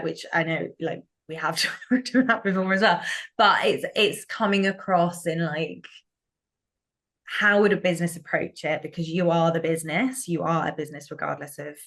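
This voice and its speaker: A woman's voice: fairly low pitch, fairly bright tone. A woman guest in a casual interview, chatty, with frequent laughs and many fillers and restarts. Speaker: guest, business owner.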